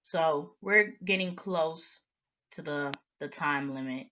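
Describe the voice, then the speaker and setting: A woman's voice: low voice, slow, sharp tone, slight background noise. A woman hosting a casual podcast chat, bantering and laughing with her co-hosts. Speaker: podcast host.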